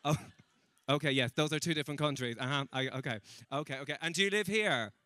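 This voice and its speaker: A young man doing stand-up on stage, chatting with the crowd and teasing himself. His voice sits a little high and sounds bright and ringing. The sound is close and dry. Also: no room sound. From Ireland. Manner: chatty, self-mocking, quick asides to the crowd. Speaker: stand-up comedian. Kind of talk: live stand-up set with crowd work. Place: comedy stage before a live audience.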